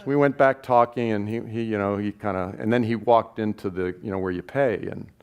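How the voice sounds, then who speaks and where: Lower-voiced man telling a story. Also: fairly quick, clean tone. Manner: animated anecdote, acting out quoted voices. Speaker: documentary filmmaker. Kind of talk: storytelling at a live gathering. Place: stage at a live event.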